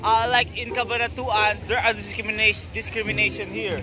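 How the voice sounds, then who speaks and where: A man with a Filipino accent vlogging in broken English, joking and excitable, mixing in Tagalog slips. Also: sits high, a little fast, noisy background. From Philippines. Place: outdoor amusement fair. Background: loud music.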